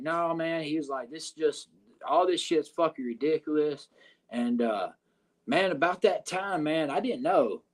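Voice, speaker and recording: A man, a wrestler guest, telling a story in casual, profane speech with lots of fillers, over a video call. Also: a little high.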